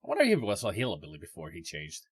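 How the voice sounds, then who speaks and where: A man's voice: low-pitched, wildly swooping pitch, fast talker, slightly rough. A man casually commenting on a game he plays, chatting to his viewers and reading the dialogue aloud. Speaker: let's play host.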